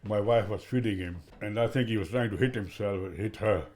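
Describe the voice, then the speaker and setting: A man, a father and carer, speaking in an interview in a halting way and often saying "you know". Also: lowish voice, darkish tone.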